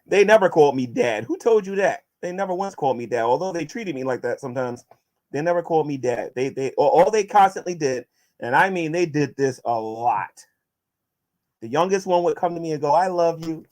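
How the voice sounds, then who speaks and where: A man answers viewer questions in a casual vlog and turns combative toward his critics, stumbling into restarts as he pushes his points. His voice sits somewhat high and moves around a great deal. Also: lively intonation, a little fast, darkish tone. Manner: combative, addressing critics directly, many restarts.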